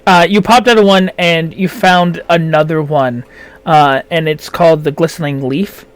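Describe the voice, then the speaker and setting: A man narrating as game master, halting and full of fillers. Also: a little high, fairly even intonation, clean tone, no echo.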